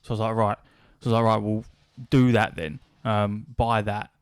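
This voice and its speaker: A man's voice: lowish voice, flat delivery, normal speed, smooth. A man, a podcast host telling a long anecdote in casual chat, swearing freely and acting out quoted back-and-forth dialogue.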